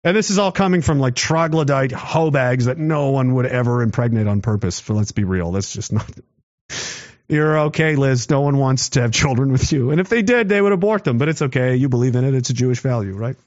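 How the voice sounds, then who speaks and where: A man hosting his own show, delivering a sarcastic, combative monologue to camera, swinging from low muttering to raised challenges. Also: lively intonation, brisk, a little mellow, no room sound, muffled recording. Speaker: commentary show host.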